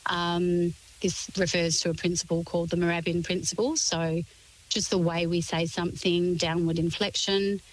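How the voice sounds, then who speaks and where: Female expert guest, composed and articulate, slightly low voice. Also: flat delivery, normal speed, rough recording. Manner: composed, articulate explaining in lists. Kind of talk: radio interview.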